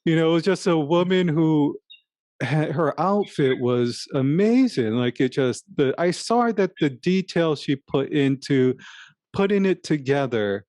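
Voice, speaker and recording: A man co-hosting a casual talk show, telling a personal story in a halting, rambling way with many restarts. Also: fairly high pitch, expressive, darkish tone, dry recording, clean studio sound. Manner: self-reflective, acts out his own inner voice. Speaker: podcast co-host. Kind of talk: casual conversation.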